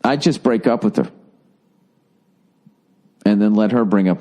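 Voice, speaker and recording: A man's voice: on the low side, mellow. A man hosting a comedy podcast, reading a listener's letter and giving blunt, profane breakup advice in a casual rant. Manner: blunt and profane, lots of swearing; halting, with fillers and restarts before punchlines.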